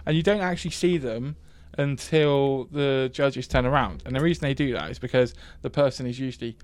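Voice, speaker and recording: A man with an English accent hosting a local radio sports show, chatting casually with quick, jokey, scattered talk. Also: mid-range voice, no room sound.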